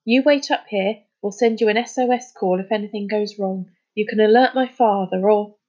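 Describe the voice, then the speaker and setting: A woman reading a storybook, voicing a brisk, bossy young girl who speaks crisply. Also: medium pitch, dark tone, lo-fi sound, natural voice. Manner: crisp, organizing.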